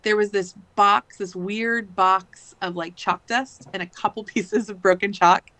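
A woman's voice: mid-range voice, fairly even intonation, a little slow, fairly bright tone, dry recording. Chatty woman in her thirties. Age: 30s. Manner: chatty, many fillers and likes. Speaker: podcast guest. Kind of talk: casual storytelling.

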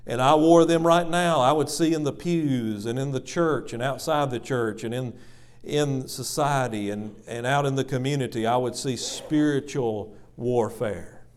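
A man's voice: medium pitch, a little slow. A man preaching a sermon in church, dramatic and repetitive, calling the congregation folks. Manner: dramatic swings between loud emphasis and hushed asides. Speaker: pastor.

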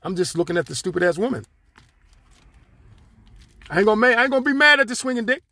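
This man's high voice is lively and quick, with a bright, forceful tone on a dry recording. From Pittsburgh, he hosts a solo podcast from his car, talking in a rambling, streetwise, profane style loaded with fillers.

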